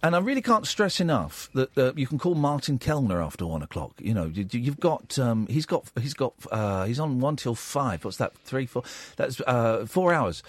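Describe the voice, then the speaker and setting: A man hosting a late-night radio phone-in, talking in a rambling, halting way full of fillers. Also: mid-range voice, sing-song, no echo. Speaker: radio host. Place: radio studio.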